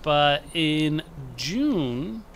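A man's voice: on the high side, big pitch swings, extremely slow, slight background noise. A man co-hosting a podcast from his home office over a video call, chatting casually and joking around. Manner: jokey, slips into loud put-on voices. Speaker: podcast co-host. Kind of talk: casual chat.

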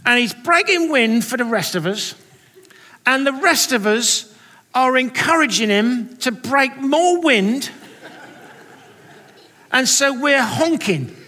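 A man's voice: very high-pitched, lively intonation, bright, forceful tone, in a large hall, voice pushed up, full character voice. A man putting on an earnest Cockney Sunday school woman. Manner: slow, drawn-out, sincere.

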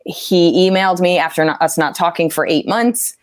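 A woman comedian talking casually about writing jokes, animated and swearing freely as she acts out angry quotes. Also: on the low side, moderate pace, no room sound, studio quality. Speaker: stand-up comedian. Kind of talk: casual interview talk.

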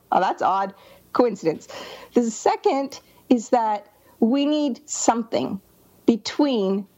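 A woman's voice: on the high side, dark tone, dull audio. A woman editor reading passages of a manuscript aloud and explaining her edits. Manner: explanatory, reads passages aloud then comments. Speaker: book editor. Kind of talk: manuscript critique walkthrough.

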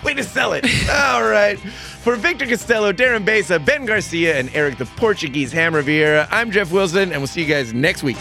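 A man hosting a podcast in casual chat, upbeat and quick to laugh, reading out the sign-off plugs. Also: high voice, expressive, vocal fry, over music. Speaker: podcast host.

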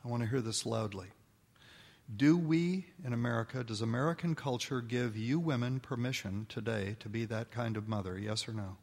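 An older man giving a folksy, animated talk to an audience of mothers, acting out the voices in his stories. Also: medium pitch, moderate pace. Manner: folksy, animated storytelling, acts out quoted voices. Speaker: speaker addressing an audience of mothers. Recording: long hall reverb.

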